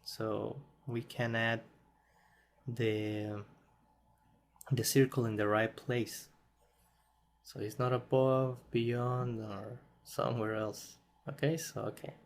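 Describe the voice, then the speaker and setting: Slow, tired-sounding non-native tutorial host. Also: male voice, medium pitch, little pitch movement, vocal fry. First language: not English. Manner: slow, thinking aloud, self-correcting, laughs at himself. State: yawning, tired. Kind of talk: screen-recorded software tutorial.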